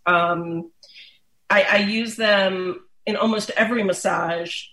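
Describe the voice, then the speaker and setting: A woman explaining dog massage in a relaxed, chatty way, with many fillers and restarts. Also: mid-range voice. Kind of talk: casual instructional talk. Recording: roomy echo.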